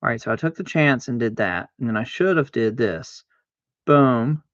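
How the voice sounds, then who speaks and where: A man streaming a card game, chatting casually to himself, arguing back and forth aloud with sudden excited exclamations. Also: medium pitch, brisk, dry recording, dull audio. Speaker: livestreamer playing solitaire. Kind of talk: casual self-talk while gaming.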